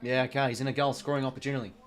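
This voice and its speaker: An Australian man streaming a live football watch-along, calling the play casually, swearing often and shouting at the players. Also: mid-range voice, little pitch movement, rapid-fire.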